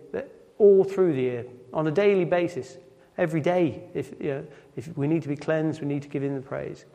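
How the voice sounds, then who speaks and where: A man's voice: fairly high pitch, warm tone. A man giving an earnest sermon, repeating key phrases and often checking in with "right?". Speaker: lay preacher. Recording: long reverb of a church hall.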